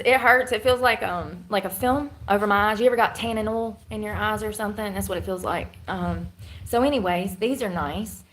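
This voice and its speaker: A woman's voice: medium pitch, fairly quick, a bit bright. A woman chatting casually with her livestream viewers in a blunt, rambling, slangy way.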